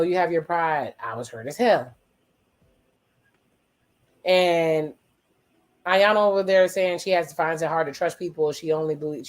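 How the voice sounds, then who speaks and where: A casual watch-along host who talks back at the screen at a medium pitch. The host swears freely, drops wry exclamations and slips into quick quoted voices to retell what the people on screen say. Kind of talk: casual reaction commentary.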